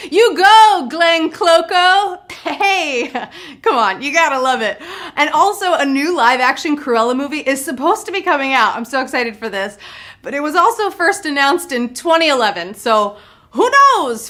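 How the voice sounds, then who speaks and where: A woman's voice: high voice, bright, forceful tone. A young woman hosting a live trivia game show, bubbly and full of playful puns. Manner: bubbly, punny, playful banter.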